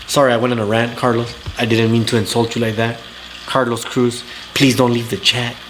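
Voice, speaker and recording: Man, young, talk-show host, profane blunt rants, mid pitch, faint background noise. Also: level tone, a little fast. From Southern California. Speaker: talk show host reading live chat. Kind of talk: casual livestream rant.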